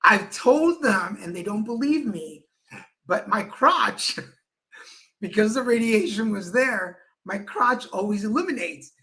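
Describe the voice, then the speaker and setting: A man's voice: high-pitched, animated, takes it slowly, pushed and bright. A man co-hosting a casual livestream chat show, telling stories and acting out the people in them. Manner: chatty storyteller, acts out quoted people. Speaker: co-host.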